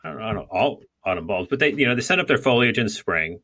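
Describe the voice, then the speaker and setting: A man's voice: medium pitch, expressive, fast talker, pushed and bright. A man co-hosting a podcast, talking casually and rambling with many fillers and restarts. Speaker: podcast co-host. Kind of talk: casual gardening chat.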